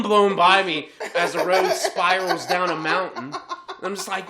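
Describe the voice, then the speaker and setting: A young man co-hosting a podcast and telling a story in loose, profane chat. His bright voice swings all over the place, and he breaks into laughter often. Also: high-pitched, very animated, normal speed. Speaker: podcast co-host.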